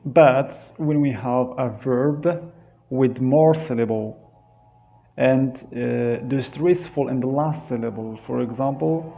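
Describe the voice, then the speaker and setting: A man teaching an English grammar lesson, repeating each verb form slowly and switching into Darija to explain. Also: medium pitch, soft background music. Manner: drills word forms slowly, repeating each one. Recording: dull, lo-fi sound.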